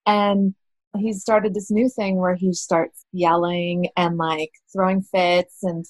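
A woman's voice: fairly low pitch, flat delivery, takes it slowly, no room sound. Woman in her 30s, candid storyteller who laughs often, casual chat, dry sound.

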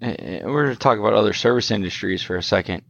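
Man, lowish voice, sarcastic podcast riffing, dull lo-fi dry recording. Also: quick pace, gravelly, dry recording. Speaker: podcast co-host on the auto repair trade. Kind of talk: casual discussion.

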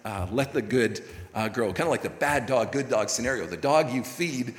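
A man's voice: medium pitch, expressive, normal speed. A man preaching a sermon in a folksy, conversational way, full of fillers and asides. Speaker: pastor. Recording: echoey hall recording.

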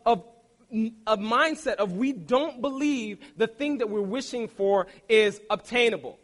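Young male preacher, high voice, playful storyteller, sermon delivery.

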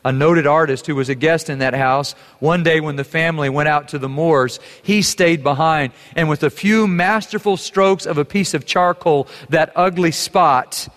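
A man's voice: fairly high pitch, fairly even intonation, moderate pace, hardly any pauses, fairly bright tone. A man preaching a sermon as pastor, earnest and building to fervent emphasis. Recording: long hall reverb.

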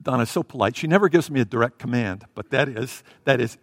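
A man preaching a sermon in a church, animated, swinging between loud and soft as he acts out the story. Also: mid-range voice, a little fast, hardly any pauses, dry recording, studio quality, in a large hall.

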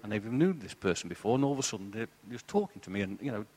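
Earnest man with a husky voice, giving his testimony in a reverberant church hall. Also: on the low side, rapid-fire. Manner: earnest, storytelling, animated. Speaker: church panel guest. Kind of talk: live church testimony talk.

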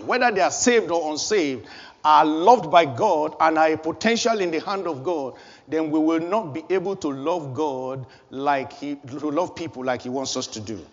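A man's voice: a little high, big-room sound, lo-fi sound. A man preaching a sermon as pastor of his church, building emphasis with repeated phrases.

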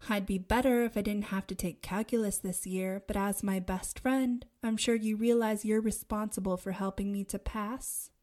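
A woman's voice: medium pitch, fairly even intonation, moderate pace, few pauses, dark tone, close to an everyday voice. A woman voicing a wry teenage girl, a loyal best friend with a dry, joking way of talking, in a storybook reading.

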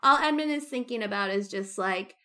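A woman's voice: mid-range voice, a little fast, bright, forceful tone. A woman co-hosting a casual book discussion, chatty and acting out characters' thoughts. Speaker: book podcast co-host.

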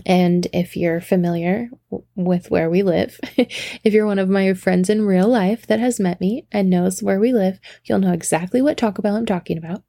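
A woman tells a story in a relaxed, animated way, with a warm voice that has some vocal fry. She laughs often and swears freely. Her voice sounds close and dry, with no room echo. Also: medium pitch, moderate pace. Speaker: storyteller sharing a personal anecdote. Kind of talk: casual storytelling monologue.

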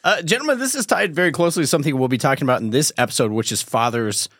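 A man's voice: on the high side, very fast, a bit bright, no echo, clean studio sound. A man hosting a podcast, earnestly addressing his listeners directly as he introduces the episode. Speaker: podcast host.

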